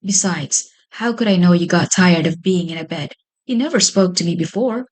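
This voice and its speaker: Woman playing a earnest little boy, polite, a bit higher voice. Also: normal speed, a little mellow, lightly acted. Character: earnest young woodcutter's son boy.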